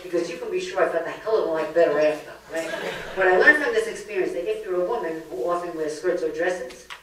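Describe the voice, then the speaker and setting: A woman's voice: on the low side, fast talker, slight background noise. An older woman from Brooklyn, giving a comedic lecture full of jokes and stories. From Brooklyn, New York. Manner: joke-telling, lively storyteller. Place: library meeting room. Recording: echoey room, distant mic.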